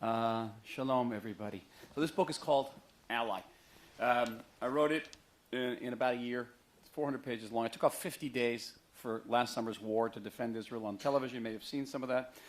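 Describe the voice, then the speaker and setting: A middle-aged man giving a book talk to a live audience in a museum auditorium, chatty and joking, telling stories with lively emphasis. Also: mid-range voice, fairly quick. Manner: conversational, joking, animated storytelling. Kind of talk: public lecture to an audience.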